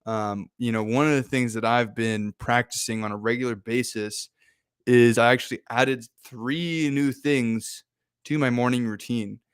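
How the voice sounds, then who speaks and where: A laid-back man hosts a casual motivational talk, chatty and loose and full of fillers. His voice is smooth and clear, and it sounds dry and close. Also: mid-range voice, fairly even intonation, a little slow, no room sound. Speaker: host.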